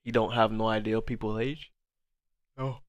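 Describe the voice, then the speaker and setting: A man's voice: fairly low pitch, level tone, normal speed, slight background noise. A man in his twenties hosting a trading livestream, reading chat and bantering casually, laughing hard and swearing a lot. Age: 20s. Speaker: forex livestream host.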